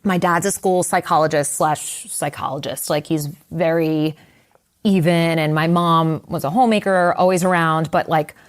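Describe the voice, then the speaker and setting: A woman guest telling personal stories in an animated, conversational way, often acting out the voices of people she quotes. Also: low voice, moderate pace. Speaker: guest writer. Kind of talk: conversational storytelling.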